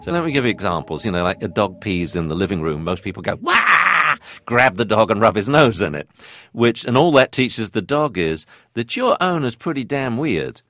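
A man from England, a veterinarian and dog trainer, talking lively and jokey in an interview. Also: on the low side, fairly quick, no echo. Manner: lively, jokey, acts out voices.

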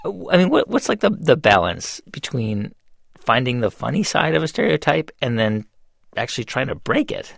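A male interviewer asking halting questions with many restarts, then closing the segment. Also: medium pitch, sing-song, creaky, a bit bright, no room sound.

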